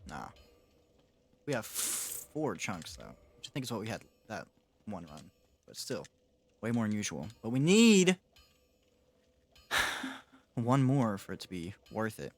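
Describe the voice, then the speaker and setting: A man's voice: on the low side, very animated, measured pace, long pauses. A young man streaming a game live, chatting casually with his viewers, answering chat and laughing often.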